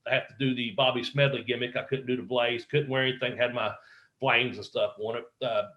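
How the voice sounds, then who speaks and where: Middle-aged man, medium pitch, casual storytelling, acts out quotes, swears freely. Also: fairly even intonation, a little fast, highs cut off. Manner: rambling anecdotes with acted-out quotes and profanity. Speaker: wrestler telling stories as a podcast guest.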